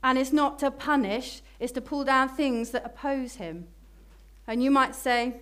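A woman's voice: sits high, a bit bright. Emphatic woman preaching a sermon. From Britain. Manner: emphatic, slowing for key phrases.

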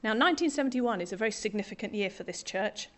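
A woman's voice: mid-range voice, expressive, fast talker, a bit bright. A middle-aged woman from Britain preaching a sermon to a congregation, conversational and self-deprecating with humour.

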